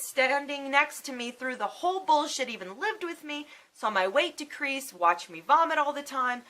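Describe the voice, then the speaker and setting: A woman's voice: high voice, bright, forceful tone. A woman in her thirties telling a personal story to camera in a casual vlog, emotional and swearing freely. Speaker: vlogger.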